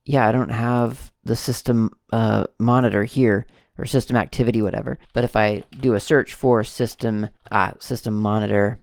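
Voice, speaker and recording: A man casually talking through a software demo as he clicks around, thinking aloud and correcting himself often. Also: lowish voice, steady tone, normal speed, vocal fry, few pauses, no room sound, studio quality. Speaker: tech video host. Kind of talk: casual screen-recorded software walkthrough.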